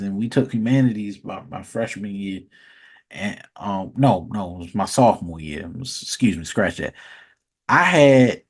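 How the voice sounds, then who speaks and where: A man's voice: mid-range voice, a little mellow. Rambling, profane man telling stories. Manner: rambling, profane, repeats words. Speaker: vlogger. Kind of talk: casual storytelling rant.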